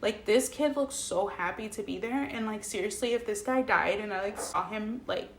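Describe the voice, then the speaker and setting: A woman's voice: mid-range voice, moderate pace, slight background noise. Emotional, swearing young woman in echoey room. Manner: profane, emotional, lots of fillers. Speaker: vlogger. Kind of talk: casual storytelling to camera.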